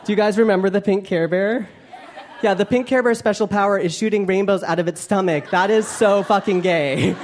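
On a comedy club stage before a live audience, a man with a high voice delivers a stand-up set at a fairly quick pace. He's self-mocking and playful, often laughing through his lines, while audience laughter and room noise fill the background.

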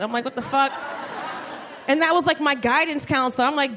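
A woman from New Jersey performing a stand-up comedy set, telling brash, profane, animated stories on a club stage mic. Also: sits high, a little fast, noisy background. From New Jersey, USA.

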